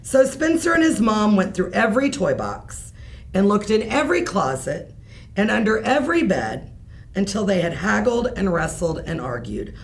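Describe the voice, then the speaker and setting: A woman reading a bedtime story aloud in an expressive, unhurried way. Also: medium pitch, vocal fry, a little hiss or hum.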